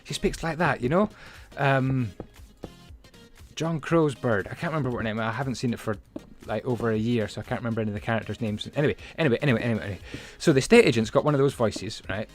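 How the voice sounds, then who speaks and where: With faint music playing behind him, a Minecraft building channel host tells stories and comments on his build in a chatty, rambling way, heavy on fillers and asides. He speaks at a medium pitch and a quick pace.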